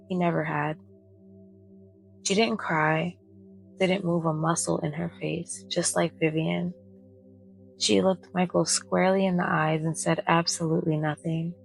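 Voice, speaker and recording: A woman narrating a bedtime story in a soft, calm voice. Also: on the low side, gravelly, rough recording. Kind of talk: soft-spoken bedtime reading.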